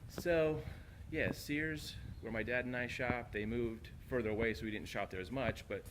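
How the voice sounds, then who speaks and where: A man with an ordinary mid-range voice rambles wistfully, thinking aloud as he stands outside a shopping plaza. Traffic and passing vehicles are clearly heard around him, and the handheld camera mic picks up the open street. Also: medium pitch, moderate pace. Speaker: vlogger. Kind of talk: casual walking vlog. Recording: outdoor street noise. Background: traffic and vehicle noise, a plane overhead.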